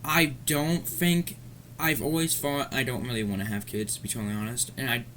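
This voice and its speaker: A man's voice: medium pitch, steady tone, moderate pace, pushed and bright, a little hiss or hum. Heated, profane man ranting. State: angry. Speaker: commentary vlogger. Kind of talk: ranting commentary.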